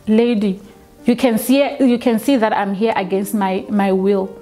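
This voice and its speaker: A woman, telling her own story for a documentary, slow and halting with frequent restarts. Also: a little high, darkish tone. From South Africa. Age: 20s. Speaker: documentary interviewee. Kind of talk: personal testimony.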